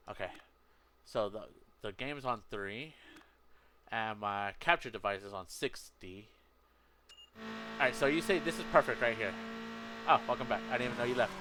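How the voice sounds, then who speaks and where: A man's voice: mid-range voice, normal speed, pauses often, slight background noise. A man streaming a game, rambling casually to his chat, often stopping to correct himself. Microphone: headset. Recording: racing game audio loud underneath. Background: racing game engine sounds.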